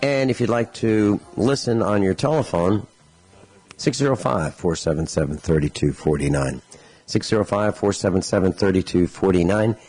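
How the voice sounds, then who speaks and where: Deep-voiced rambling radio talk host. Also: male voice, normal speed, darkish tone, low-quality recording. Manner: chatty and rambling, stacks up lists of words, acts out quoted people. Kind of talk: casual radio monologue.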